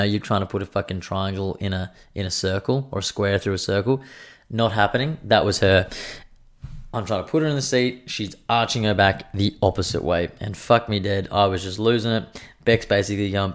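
An Australian man in his thirties, rambling through a profane, animated casual story. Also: on the low side.

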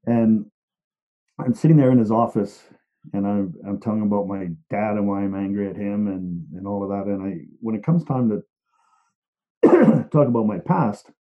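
Middle-aged man, reflective storyteller, low-leaning voice, halting and emotionally open, tinny phone-like audio. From England, Liverpool. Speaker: speaker sharing a personal story. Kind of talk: personal storytelling talk. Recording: narrow phone-like sound.

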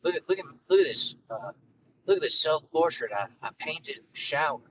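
A man's voice: a little high, very animated, brisk, a bit bright, far from the mic, slight background noise, poor audio. A man doing a joking impression of a former president, rambling into sly, self-incriminating boasts. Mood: boastful.

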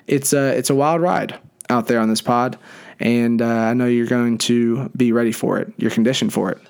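A man's voice: mid-range voice, moderate pace, vocal fry, a little mellow, clean tone. A young man hosting a casual fantasy league podcast, talking in hyped, rambling bursts. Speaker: podcast host.

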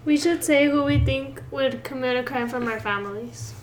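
A woman co-hosting a casual podcast, giggling and trading quick quips. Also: sits high, a little hiss or hum. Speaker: podcast co-host. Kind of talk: casual chat.

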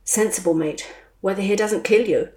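A woman voicing an easygoing, wry man with a title, talking in a dry, relaxed way. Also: medium pitch, normal speed, close to an everyday voice. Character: Australian knighted man, wry, easygoing expat. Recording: roomy echo.

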